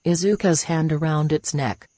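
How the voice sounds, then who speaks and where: A fan fiction narrator reading a story aloud at a steady, even pace. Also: medium pitch, normal speed, dry recording.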